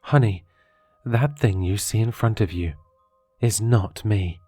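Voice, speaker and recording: A man's voice: lowish voice, slow pace, warm tone, husky, dry recording, soft background music. A man voicing a worried, tearful middle-aged mother who speaks in an anxious, pleading way.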